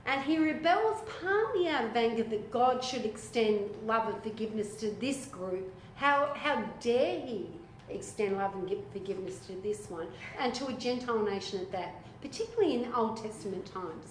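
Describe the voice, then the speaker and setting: A woman leading a small-group Bible study in a casual, animated way, acting out what biblical figures might say. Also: on the high side, normal speed, hardly any pauses, slight background noise. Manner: animated, chatty, acts out voices of biblical figures. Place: echoey room with a small group. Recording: echoey room recording.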